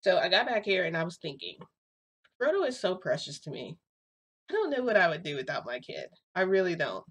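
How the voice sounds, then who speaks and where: A young woman with a low-pitched voice recounts a story in a casual vlog. She chats easily and slips into quoting the other people in the story as she goes. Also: sing-song, a little fast, fairly bright tone, breathy edge. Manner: chatty, acts out quotes of others in dialogue. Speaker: vlogger telling a reality-shifting story.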